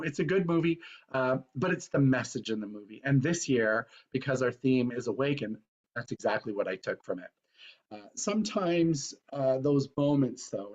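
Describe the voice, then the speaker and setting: Man preaching casually, earnest, lots of ums and uhs, mid voice, kinda muffled recording. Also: mid-range voice. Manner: earnest, meandering, frequent fillers. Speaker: spiritual teacher. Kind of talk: conversational sermon with storytelling.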